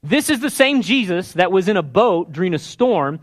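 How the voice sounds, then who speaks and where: A man's voice: high voice, very animated, moderate pace. A man preaching a sermon, telling a story with energy and acting out the characters' voices. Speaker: pastor.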